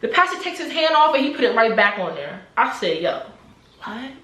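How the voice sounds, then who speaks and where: A young adult woman telling a personal story to camera in a casual, animated way, repeating phrases and sometimes dropping to a near-whisper. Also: fairly high pitch, brisk, roomy sound. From New Jersey, USA. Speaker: vlogger.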